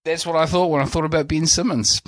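A man's voice: fairly high pitch, steady tone, quick pace, fairly bright tone, dry recording, studio quality. A man with a New Zealand accent co-hosting a podcast in casual chat, laughing and rambling through restarts. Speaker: podcast co-host.

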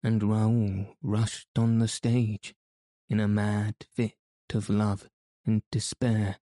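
A man reading a novel aloud as an audiobook narrator, in a measured, even manner. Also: lowish voice, no room sound. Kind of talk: scripted narration.

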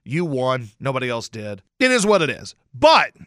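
A male radio host telling a casual story with lots of swearing and sudden loud exclamations. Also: mid-range voice, normal speed, dry recording, studio quality. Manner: animated, profane, bursts into loud exclamations. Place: radio station studio.

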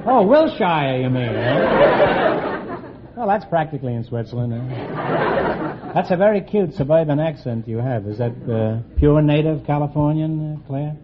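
A man hosting a radio quiz show, teasing his contestants with quick quips and a habit of tacking "huh?" onto his jokes. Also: fairly high pitch, over a noisy crowd, heavy background noise. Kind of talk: wisecracking quiz show banter. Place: radio studio before a live audience. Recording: dull old broadcast with loud audience.

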